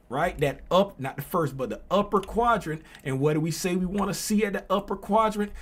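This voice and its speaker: Husky man with a lively pitch. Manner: asks himself questions, tags lines with "right?"; grows louder and more animated. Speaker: trading educator. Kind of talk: chart walkthrough lesson.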